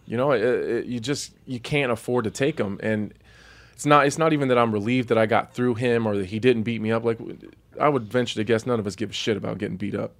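A man talking fast about fighting in casual podcast chat. His pitch sits in the middle. He restarts sentences again and again as he rushes on. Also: gravelly. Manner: rapid, stumbling restarts. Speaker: fighter guest.

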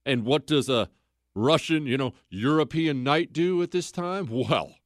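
A man's voice: medium pitch, expressive, a little slow, dry recording, studio quality. A man hosting a podcast who tells history casually and conversationally, full of rhetorical questions. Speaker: podcast host.

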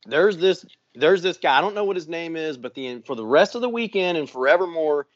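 A man with a slightly high voice tells a long story in casual podcast chat, cursing freely and acting out what everyone said. The sound is dry and a little dull, like a close room mic with limited fidelity. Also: fairly quick, no echo. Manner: profane, animated, acts out quotes. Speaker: podcast co-host.

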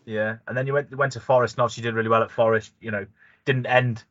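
Male podcast host, quick rambling questions, dry and lo-fi. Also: medium pitch, steady tone, a bit bright, no echo. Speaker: interviewer. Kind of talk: casual interview. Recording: dry dull lo-fi sound.

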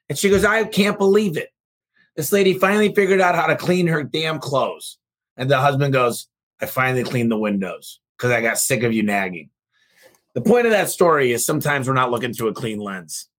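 A man hosting a business podcast in a casual motivational talk. He is excitable, tells stories, jumps high for quoted voices and swears casually. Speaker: podcast host and business owner.

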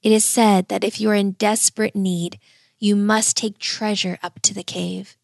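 A woman voicing a kindly, fatherly old male gardener who speaks in a gentle, confiding way in a storybook. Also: medium pitch, little pitch movement, normal speed, vocal fry, dry recording, clean studio sound.

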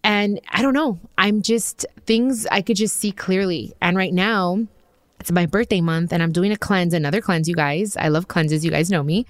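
A woman's voice: on the low side, normal speed, no room sound, clean studio sound. A woman in her thirties hosting her own podcast, talking candidly and emotionally in a rambling way, full of fillers and restarts. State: tearful. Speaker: podcast host. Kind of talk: personal podcast monologue.

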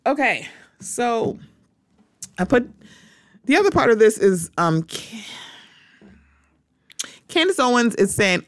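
A woman's voice: a little high, slow, pauses often, no echo. Outspoken woman podcaster, dry close sound. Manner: animated, repeats "the thing about it is", talks straight to listeners. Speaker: podcast host. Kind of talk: casual opinion monologue.

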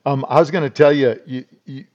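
A man's voice: medium pitch, fairly even intonation, fairly quick, a little mellow. Middle-aged guy from south dakota rambling thru stories on a podcast, kinda muffled sound. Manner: rambling, folksy, restarts and repeats words. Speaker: podcast guest. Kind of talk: casual storytelling interview.

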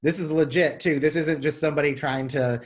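Enthusiastic rambling podcast host. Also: male voice, a little high, fairly even intonation, brisk. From western North Carolina. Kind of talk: casual chat.

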